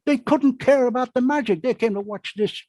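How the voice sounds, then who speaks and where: Man, husky voice, dry sound, rambling anecdotal storyteller, video call panel chat. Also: very high-pitched, normal speed, dark tone, no echo. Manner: rambling storyteller with self-corrections. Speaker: magician and panel guest.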